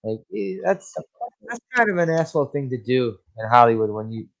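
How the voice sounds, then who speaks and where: Man, podcast co-host, blunt and profane, mid-pitched, casual film chat. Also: big pitch swings, fast. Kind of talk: casual movie review chat.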